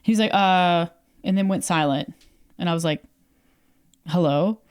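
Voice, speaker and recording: A young woman from Canada tells a story on a podcast with a slightly low, easygoing voice. She chats casually, acting out both sides of a conversation and leaning on fillers as she goes. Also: normal speed, smooth. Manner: animated storyteller, acts out quoted dialogue, many fillers. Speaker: podcast co-host.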